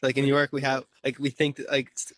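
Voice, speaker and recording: Male interviewee, quick and monotone, dry sound. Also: medium pitch, no echo. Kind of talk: casual street interview answer.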